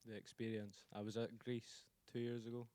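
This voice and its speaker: A man's voice: medium pitch, little pitch movement, normal speed, dark tone. A sixteen-year-old male driver from Scotland giving shy, short answers. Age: teens. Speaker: racing driver.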